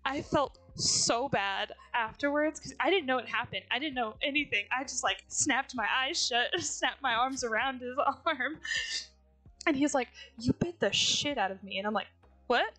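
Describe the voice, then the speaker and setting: A woman's voice: high voice, normal speed, bright, forceful tone, no echo, faint music behind, low-quality recording. A young woman chatting casually on a stream, telling stories with lots of laughter and acted-out quotes. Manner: giggly storyteller, acts out quotes. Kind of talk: casual chat.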